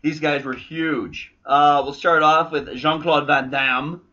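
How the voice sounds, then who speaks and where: A man's voice: on the high side, steady tone, slow pace, sharp tone. A man in his forties hosting a casual movie chat, crude and wisecracking. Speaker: podcast host. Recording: lo-fi muffled recording.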